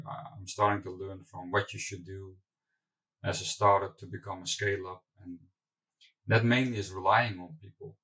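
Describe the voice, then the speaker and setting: A man's voice: on the low side, fairly bright tone, recorded from a distance, rough recording. A man, a company founder being interviewed, answering candidly with loose asides and restarts. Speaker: company founder and CEO, guest.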